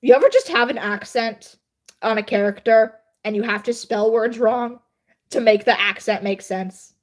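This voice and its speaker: A young woman livestreamer and writer speaks at normal speed in a fairly high voice. Editing her writing, she chats casually, laughs frequently, and pokes fun at herself.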